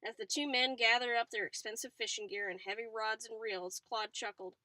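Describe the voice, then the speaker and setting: Bright-voiced woman reading a novel aloud. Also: a little high, brisk, no room sound. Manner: chatty, breaks off for excited asides and laughs. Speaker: reader.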